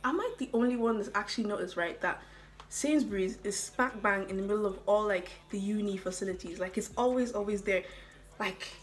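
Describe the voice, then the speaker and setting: A woman's voice: mid-range voice, brisk. A young woman from Ireland with an American-sounding accent, chatting casually in a Q&A vlog and rambling with lots of asides to her viewers. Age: young adult. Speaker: student vlogger.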